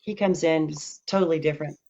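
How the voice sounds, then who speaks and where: Over dull, lo-fi audio, a woman with a low-sitting voice tells a casual personal story at a fairly quick clip. She's candid and animated, acting out people's dialogue as she goes.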